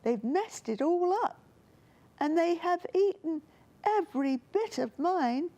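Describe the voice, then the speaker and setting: A woman voicing a small, tearful boy bear in a children's storybook reading, with a squeaky, whiny voice. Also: lively intonation, takes it slowly, warm tone, highs cut off, exaggerated voice. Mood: wailing.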